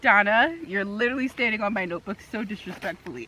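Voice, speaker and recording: A woman's voice: mid-range voice, fast, bright, forceful tone. A young woman from New York vlogging outdoors, chatting candidly to camera with frequent laughs. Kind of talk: casual talk to camera. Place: outdoors near horses and dogs.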